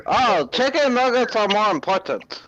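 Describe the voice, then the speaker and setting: A man in a casual stream chat, giving slow and hesitant answers. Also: high voice, big pitch swings, fairly bright tone, lo-fi sound.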